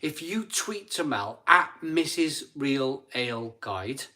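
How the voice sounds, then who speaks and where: A man's voice: mid-range voice, very animated, takes it slowly, sharp tone. A middle-aged man from England hosting a casual live stream, chatty and eager, often restarting his sentences. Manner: chatty, stumbling restarts, eager pleas for likes.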